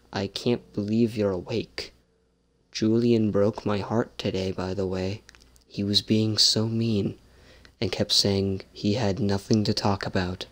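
A man's voice: lowish voice, fairly bright tone. A young man casually commenting on a horror game he is playing, sarcastic and jumpy, swearing often. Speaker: gameplay streamer.

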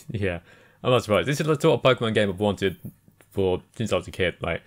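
A man's voice: fairly low pitch, expressive, moderate pace. A man co-hosting a gaming podcast, talking casually, laughing often and agreeing with his co-host. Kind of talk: casual chat.

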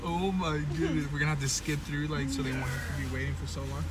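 A man's voice: on the high side, steady tone, fast, loud music behind the voice. A young man talking casually to his viewers from inside a car, joking and laughing as a vlogger. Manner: playful, laughing, addressing viewers as guys. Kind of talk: casual vlog chat.

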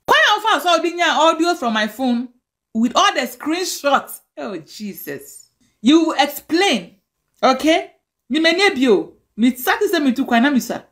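Ghanaian woman ranting mad at the camera, high voice, pitch jumping all over, scolding hard. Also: very animated, moderate pace, a bit bright. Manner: angry, scolding rant mixing languages. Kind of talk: direct-to-camera rant.

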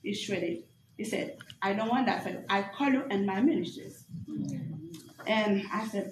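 A woman pastor giving an animated spoken testimony at a graduation service, acting out the dialogue as she tells it. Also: mid-range voice, moderate pace, echoey room, slight background noise, rough recording.

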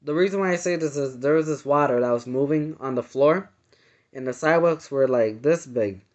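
A man earnestly recounting a dream in casual, halting speech full of fillers and restarts. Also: medium pitch, darkish tone. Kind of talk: casual personal storytelling. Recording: dull lo-fi sound.

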